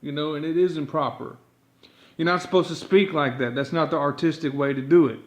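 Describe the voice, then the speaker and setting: A man teaches yodeling in a rambling, improvised monologue packed with constant "you know" fillers. His voice is on the high side, with fairly even intonation and a slightly fast pace, in an echoey room.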